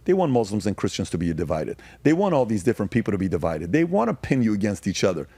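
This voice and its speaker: Middle-aged man, low voice, dry close sound, animated storyteller who acts out quotes. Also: quick pace, slightly rough, no echo. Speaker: guest. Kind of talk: casual conversation.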